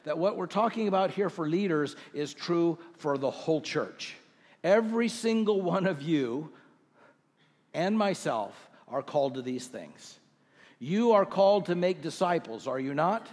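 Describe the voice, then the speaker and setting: Middle-aged guy pastor giving a sermon, kinda high voice, big echoey church, reads verses slow. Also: expressive, darkish tone, breathy edge. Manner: earnest, reads scripture slowly, asks rhetorical questions. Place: church sanctuary.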